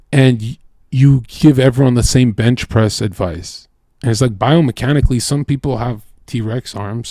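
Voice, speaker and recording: A man's voice: mid-range voice, mellow, no echo, clean studio sound. A man streaming live, talking in a casual, profane, rambling way and often saying "bro" and "like". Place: home streaming setup.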